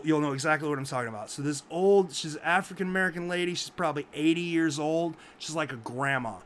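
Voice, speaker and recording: A man's voice: fairly high pitch, slight background noise. A man, co-host of a memorial podcast, telling a funny anecdote on a group video call and acting out what others said. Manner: animated anecdote telling, acts out quoted voices.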